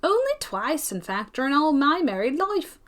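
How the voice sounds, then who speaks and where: A woman reading aloud, voicing a sweet-voiced, brisk middle-aged lady with a broad Scottish accent, raising her pitch for the part. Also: very animated, fairly bright tone.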